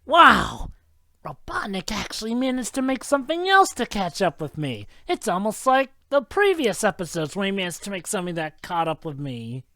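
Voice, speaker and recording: A man's voice: high voice, big pitch swings, moderate pace, pushed and bright, no echo, studio quality, exaggerated voice. A man voicing a cocky young male hedgehog hero in a boastful, smug tone, during a casual commentary.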